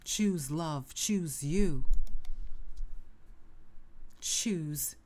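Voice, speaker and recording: A woman's voice: deep voice, extremely slow, a little mellow. A middle-aged woman hosting a motivational self-help podcast, speaking emphatically with lots of repetition and sudden whispered asides. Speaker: podcast host.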